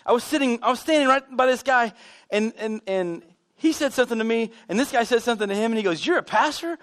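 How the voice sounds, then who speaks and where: A man preaching a sermon as pastor, telling animated stories with self-deprecating humor. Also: very high-pitched, fast. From United States. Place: church sanctuary.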